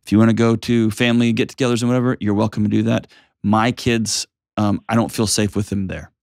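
A man hosting a call-in advice show, talking bluntly and with animated emphasis. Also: on the low side, a little fast, gravelly, no echo, clean studio sound. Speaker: host.

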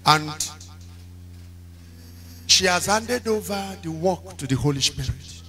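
A man preaching a sermon, telling stories with drama and breaking into shouted call-and-response lines. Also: high-pitched, animated, slow pace, faint music behind. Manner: dramatic storytelling. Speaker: pastor.

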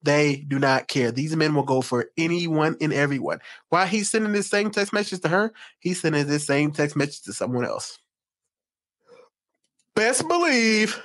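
A man's voice: a little high, moderate pace, hardly any pauses. A man streaming live reaction commentary on text messages, blunt and profane, speaking straight to his audience.

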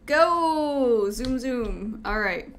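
A woman's voice: medium pitch, animated, unhurried, fairly bright tone, slight background noise. A woman playing a horror video game, chatting to the game as she goes and crying out in panic when it frightens her. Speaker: gaming video host.

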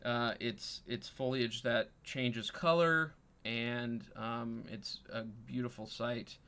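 A man narrating as dungeon master in an unhurried way, pausing often with ums. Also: medium pitch, steady tone, sharp tone, clean tone. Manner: unhurried, many ums and pauses. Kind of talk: narrating a tabletop game.

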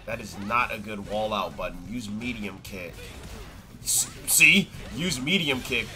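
A young man streaming a fighting game, commenting live with excitable yelps and trash talk. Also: fairly low pitch, measured pace.

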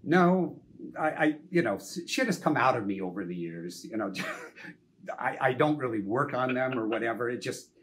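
An older man, a film director, telling anecdotes in a casual interview, lively and full of "you know" and the odd curse. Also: mid-range voice, moderate pace. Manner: animated, anecdotal, frequent "you know", some swearing.

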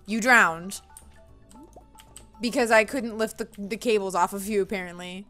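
A woman's voice: mid-range voice, moderate pace, faint music behind. A young woman hosting a casual gaming channel, commentating her play with frequent squeals and giggles. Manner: excitable, squeals and giggles often.

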